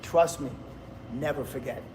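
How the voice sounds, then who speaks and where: A man's voice: medium pitch, unhurried, very noisy. A man, rambling bluntly and laughing often in casual livestream chat with viewers. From New Jersey, USA. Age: 50s. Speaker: livestream host.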